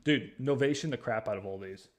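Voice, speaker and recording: A man's voice: mid-range voice, fairly quick. Guy hosting a chill livestream from a home studio, loose slangy chatter, lots of restarts. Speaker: host of a real estate training livestream. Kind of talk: casual livestream coaching. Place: backup home studio at his father's house.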